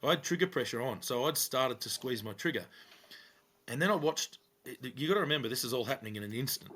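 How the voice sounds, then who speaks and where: A middle-aged Australian man, a podcast co-host and former police officer, tells a police story in casual chat. He's animated, acting out quoted lines in a raised voice, and talks fast in a husky, mid-range voice.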